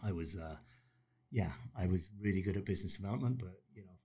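Man, 50s, low-pitched guest, energetic storyteller who acts out quotes. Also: fast talker, breathy edge. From Ireland. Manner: animated storyteller, acts out quotes in raised voices, laughs often. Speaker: podcast guest. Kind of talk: casual storytelling interview.

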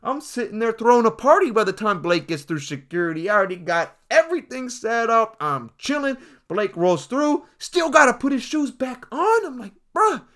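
A man's voice: extremely high pitch, big pitch swings, moderate pace, hardly any pauses, a bit bright. A young man delivering a swaggering, mock-serious comedic monologue, talking straight to his audience. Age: young adult. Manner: hyped, swaggering, addresses the audience directly. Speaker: comedic speaker.

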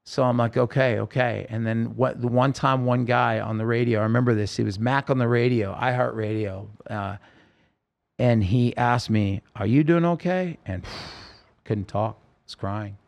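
Male podcast guest, gravelly mid-pitched voice, halting emotional retelling. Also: level tone. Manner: emotional, halting storytelling with many restarts. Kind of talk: telling a personal story in a podcast interview.

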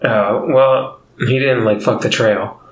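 A man's voice: medium pitch, steady tone, slow, reverberant, a little hiss or hum, rough recording. A man hosting a casual comedy podcast, telling a story with lots of laughs and fillers. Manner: laughs often, rambling with fillers. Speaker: podcast host.

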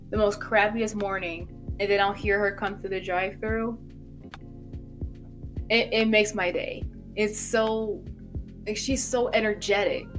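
A woman tells stories in a loose, chatty way, often laughing and leaning on fillers like "like" and "you know." Her voice sits at a middle pitch, with faint music in the background. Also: a bit bright. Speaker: podcast host and coffee shop worker. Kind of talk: casual storytelling chat.

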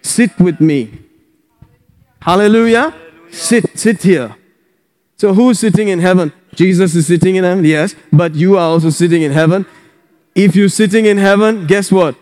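Male preacher, exuberant sermon, slightly high voice, long hall reverb. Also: moderate pace. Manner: exuberant preacher, bursts of loud laughter and whoops. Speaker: pastor.

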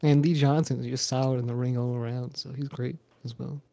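Gravelly, laid-back young man. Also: medium pitch, fairly even intonation, brisk, warm tone, dry recording. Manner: laid-back, laughs often, swears freely. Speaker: podcast co-host. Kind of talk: casual wrestling chat.

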